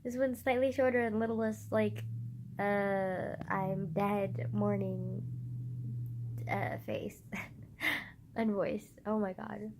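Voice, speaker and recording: A squeaky-voiced woman with a sick, slightly husky edge, talking to her phone's front camera. She rambles loud and giggly in a mid-range voice, swears freely, and mocks herself. Faint hiss sits under her voice. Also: fairly even intonation, slow, long pauses. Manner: loud, giggly, swears a lot, self-mocking. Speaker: vlogger. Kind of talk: rambling casual chat to camera.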